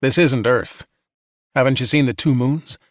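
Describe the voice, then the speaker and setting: A steady male soldier, earnest and reassuring, who talks his comrade through the crisis, as a man reads him. His mid-range voice comes through dry and close. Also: medium pitch, measured pace, dry recording, natural voice.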